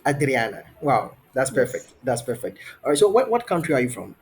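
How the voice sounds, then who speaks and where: A man's voice: mid-range voice, big pitch swings, fairly quick, slight background noise. A man teaching an online English trial lesson over a video call, encouraging and asking many questions, often repeating his phrases. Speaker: English tutor.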